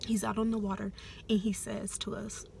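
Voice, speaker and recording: A young adult woman telling a personal story in a soft, hesitant, often half-whispered way, with many fillers. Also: medium pitch, flat delivery, normal speed, creaky, a little hiss or hum. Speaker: vlogger.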